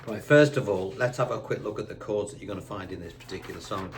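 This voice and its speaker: A man's voice: fairly low pitch, quick pace, a little hiss or hum. A man teaching a guitar lesson, chatty and reassuring, counting notes aloud while seated indoors. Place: indoors, seated on a squeaky chair.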